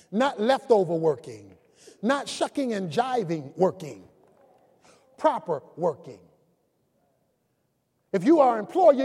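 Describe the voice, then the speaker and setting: A man's voice: extremely high pitch, breathy edge. A man preaching a sermon as pastor, emphatic and calling out key words to his congregation. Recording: long reverb of a large hall.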